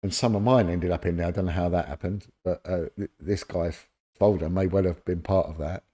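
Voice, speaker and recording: A middle-aged man from London, once a detective, talks briskly in a low-pitched voice. He's a guest on a podcast, telling stories in a casual interview and bringing the people in them to life by imitating their voices.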